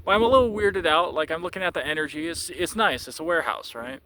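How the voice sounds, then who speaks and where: A man telling a personal story in a casual way, halting and repeating words, with frequent chuckles. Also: a little high, sharp tone, slight background noise.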